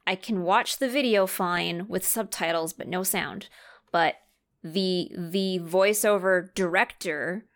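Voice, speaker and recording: A woman co-hosting a podcast in casual chat, telling stories in a lively, animated way. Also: fairly low pitch, slow pace. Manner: animated storyteller who acts out quoted voices. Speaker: podcast co-host.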